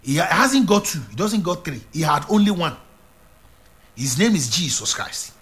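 A man preaching a sermon, emphatic and repetitive, swinging from loud declarations to hushed lines. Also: a little high, big pitch swings, normal speed.

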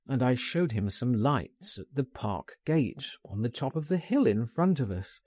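A man reading a first-person story aloud in an unhurried, expressive manner. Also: medium pitch, no room sound, clean studio sound. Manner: unhurried, expressive, lively intonation. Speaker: audiobook narrator.

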